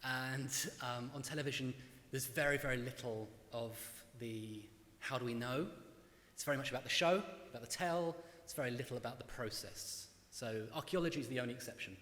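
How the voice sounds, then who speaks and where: A British man, a guest historian, talking on stage at a live event in a quick, self-deprecating, animated way. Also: medium pitch. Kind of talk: on-stage conversation. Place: large hall at a live event. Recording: roomy hall with long reverb and faint ambience.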